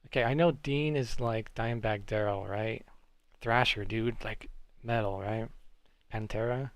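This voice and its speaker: A man's voice: fairly low pitch, a little slow, no echo. A man streaming live, chatting casually with viewers and reacting to chat messages.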